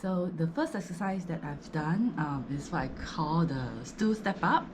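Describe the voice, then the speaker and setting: A woman's voice: fairly low pitch, lively intonation, measured pace, loud music behind the voice. A Singaporean woman chatting casually about her home workout, slightly out of breath, with lots of fillers. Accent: Singaporean English. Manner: chatty, filler-heavy, rambling explanations. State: breathless between sets. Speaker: fitness vlogger.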